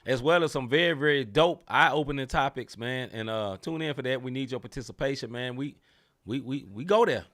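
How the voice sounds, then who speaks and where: A man's voice: mid-range voice, fairly quick. Emphatic slangy podcast co-host man. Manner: animated, emphatic, slangy, repeats phrases. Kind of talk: casual sports talk.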